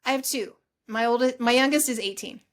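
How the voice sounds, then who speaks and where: A middle-aged woman guest on a podcast, talking in a fairly high voice. She tells her story in a chatty, animated way and slips into other people's voices for quoted lines. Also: brisk. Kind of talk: casual storytelling interview.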